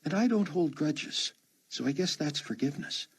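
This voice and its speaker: A man's voice: on the high side, lively intonation, normal speed, slightly rough, voice pushed up. A man voicing a hurt, guarded grown woman in conversation. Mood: wary.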